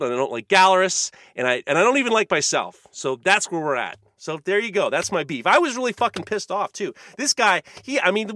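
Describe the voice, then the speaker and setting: A man's voice: high voice, sharp tone, dry recording. A man hosting a casual podcast chat, ranting in a heated, profane way. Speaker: podcast host.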